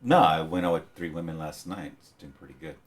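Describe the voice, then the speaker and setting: A man's voice: low voice, fast. An American man talking bluntly and crudely as a guest on a casual podcast chat. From United States.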